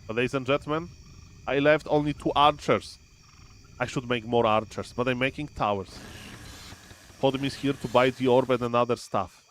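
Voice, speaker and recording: Male streamer, mid pitch; animated live play-by-play of his own game. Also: normal speed, a little hiss or hum. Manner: animated, often says "ladies and gentlemen", thinks aloud with fillers. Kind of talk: live gameplay commentary.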